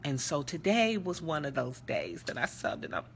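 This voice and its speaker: A woman's voice: deep voice, very animated, moderate pace, slight background noise. A middle-aged woman speaking passionately and earnestly, telling a story in a live social media talk. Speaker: character development teacher and speaker.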